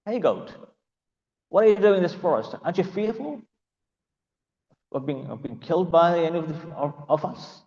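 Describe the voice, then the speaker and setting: A man voicing a pack of menacing jackals and wolves in a spoken story, mocking as he questions. He talks with a high, raised voice. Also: animated, moderate pace, long pauses, a little mellow, roomy sound, long reverb tail, lo-fi sound. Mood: taunting.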